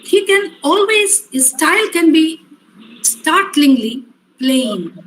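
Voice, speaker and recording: A woman lectures a class in a high voice. She speaks slowly and repeats key lines to drive them home. She turns stern when students drift. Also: very animated, a bit bright, a little hiss or hum, rough recording. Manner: explains terms and repeats lines for emphasis. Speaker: English literature teacher.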